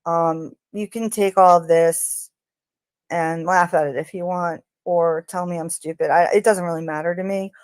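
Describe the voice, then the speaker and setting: A woman hosting a true crime channel, talking casually in an unhurried, hesitant way with frequent ums. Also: lowish voice, fairly even intonation, darkish tone, clear, resonant tone, no echo. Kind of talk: casual spoken commentary.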